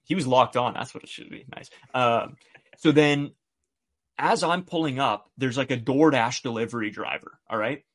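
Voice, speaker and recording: A man's voice: medium pitch, moderate pace, fairly bright tone. A man co-hosting a podcast, casually retelling a story and acting out the quoted dialogue. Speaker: podcast co-host.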